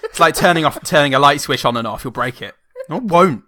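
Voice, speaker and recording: A man co-hosting a casual film-recap podcast, jokey and laughing often, with quick restarts. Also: mid-range voice, bright, forceful tone. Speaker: podcast co-host.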